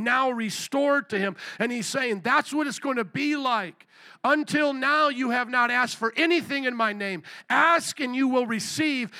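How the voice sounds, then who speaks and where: A middle-aged man preaches with a high, bright voice that carries a gravelly edge. His sermon is candid and conversational, swelling and easing in intensity as he talks to the congregation. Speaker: pastor.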